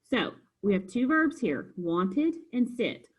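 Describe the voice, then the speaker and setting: A woman's voice: mid-range voice, sing-song, takes it slowly, slightly rough, low-quality recording. A woman teacher patiently walking students through a homework review, step by step. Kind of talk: recorded homework review lesson.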